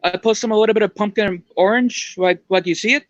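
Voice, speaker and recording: Man, guest, high voice, hesitant, repeats words, dull dry call audio. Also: quick pace, no echo. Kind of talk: casual video-call chat. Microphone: video call.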